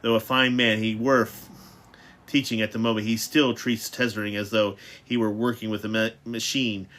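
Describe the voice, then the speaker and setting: A man's voice: fairly low pitch, level tone, normal speed, a bit bright, natural voice. A man reading the part of an ancient, otherworldly woman who is stern and wise, speaking in a lecturing way.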